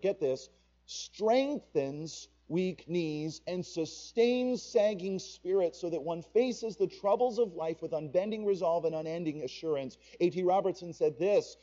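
A man delivers a sermon to his congregation, his voice pitched high but soft and mellow. He swells louder for emphasis, then sinks low and drags out words. The recording sounds dull and lo-fi. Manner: preaching with swells and drops in volume, drawn-out emphasis. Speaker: pastor.

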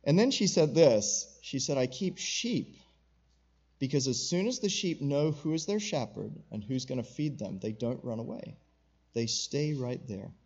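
A middle-aged male pastor delivering a sermon in a mellow, dark-toned voice. He speaks earnestly, draws out the words he wants to stress and puts questions to his listeners. The recording sounds a little dull. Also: mid-range voice, animated, husky. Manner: earnest, slows down to stress key phrases, asks the audience questions.

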